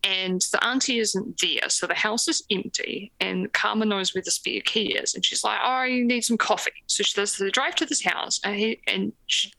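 A woman recapping a book plot in casual chat, halting and restarting her sentences with apologetic laughs. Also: medium pitch, gravelly, sharp tone, dry recording, rough recording. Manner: hesitant, halting, with repeated starts and apologetic laughs. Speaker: podcast co-host.

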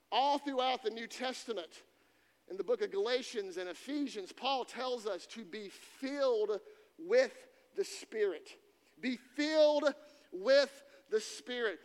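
High-voiced man preaching in a reverberant hall. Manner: emphatic, repeats key phrases. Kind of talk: sermon.

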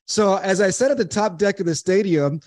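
A man in his forties from Southern California, a podcast guest telling earnest, animated stories with frequent restarts. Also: high voice, normal speed, no room sound. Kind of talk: casual interview storytelling.

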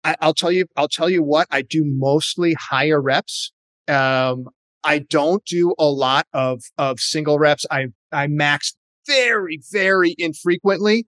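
A man co-hosting a podcast, chatting casually and a little haltingly. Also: on the high side, no echo. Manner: relaxed, a bit halting with restarts.

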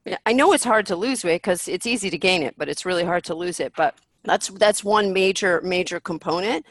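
A woman's voice: lowish voice, brisk, no room sound. A woman guest in a candid interview, talking bluntly and with animation, swearing freely and acting out what people say. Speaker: podcast guest.

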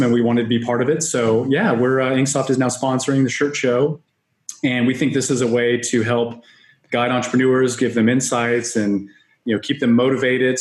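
A man as a software company guest on a podcast, upbeat business talk with frequent restarts. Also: mid-range voice. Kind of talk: podcast interview. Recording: roomy echo.

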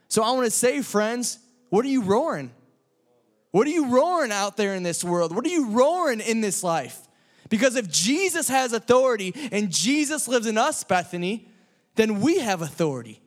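A man preaching a casual, energetic sermon to a church group, joking with the crowd and building to loud, emphatic peaks. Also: sits high. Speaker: church speaker.

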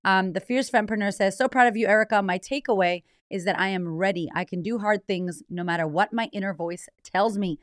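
A woman's voice: lowish voice, no room sound, studio quality. An American woman with a slight Australian twang hosting a podcast from her office, talking casually and bluntly, swearing and laughing often. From United States. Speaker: podcast host. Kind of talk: casual chat.

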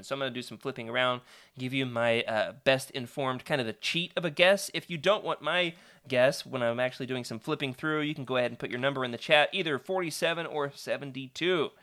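A man's voice: medium pitch, fairly quick, sharp tone. A man hosting a live stream, chatty and playful, reading a choose-your-own-adventure book aloud to his viewers.

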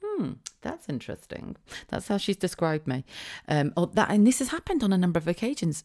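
Middle-aged woman, podcast host, low voice that swings widely, chatty solo talk full of asides and laughter. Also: sing-song, dark tone. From England (Wiltshire). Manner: chatty, laughs often, quick asides and rhetorical questions. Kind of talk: casual solo podcast monologue.

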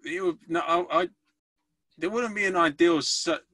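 A man's voice: sits high, normal speed, bright, forceful tone, no echo. A man hosting a casual podcast chat, who often restarts his sentences and searches for words. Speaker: podcast host.

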